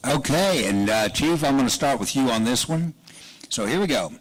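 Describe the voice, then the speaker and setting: A man's voice: medium pitch, animated, moderate pace, low-quality recording. A man moderating a candidate forum, reading out questions in a businesslike way.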